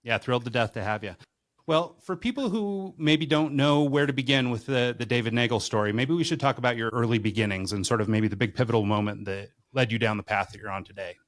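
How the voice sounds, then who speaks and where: An upbeat man hosts a podcast, welcoming his guest with enthusiasm. He talks quickly at a mid pitch for a man. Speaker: podcast host. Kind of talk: podcast interview introduction.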